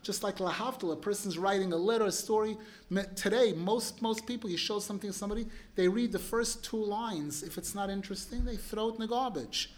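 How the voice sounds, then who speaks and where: A man as religious teacher giving an animated storytelling sermon, emphatic and clearing his throat now and then. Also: high voice, a little fast.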